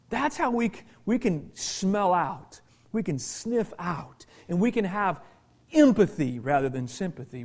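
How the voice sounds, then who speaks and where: A middle-aged man preaching a sermon as pastor, folksy and animated, sometimes dropping to a near whisper for emphasis. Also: high voice.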